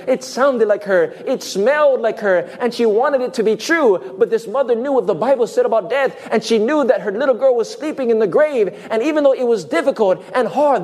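A man preaching a sermon with emphatic delivery and dramatic pauses. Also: very high-pitched, darkish tone.

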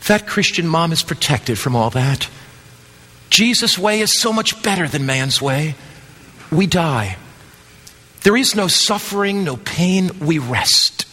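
A man pastor preaching a sermon, building to loud emphatic passages and then dropping back down. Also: on the high side, expressive, slow pace. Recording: long hall reverb.

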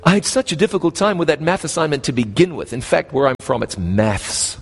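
A man from New Zealand with a New Zealand accent, preaching a storytelling sermon with animated swings in pitch and slow, emphatic phrases. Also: husky. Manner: animated, rises and drops sharply in pitch, slows for emphasis. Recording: long hall reverb.

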